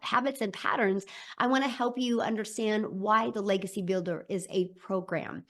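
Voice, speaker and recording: An upbeat middle-aged woman with a medium-pitched voice. She talks with eager emphasis and laughs often, moving from chatty interview answers to a direct sales pitch. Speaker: program founder and presenter.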